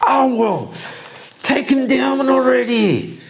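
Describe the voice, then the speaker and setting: A blunt, exasperated warrior complains and mocks his comrade in a strained, raised voice, as a man narrating a solo tabletop game puts him on. The figure's delivery is high and whiny. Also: animated, slow, creaky, slight background noise, full character voice. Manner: mocking, complaining. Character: exasperated male warrior, nearly dead, blunt.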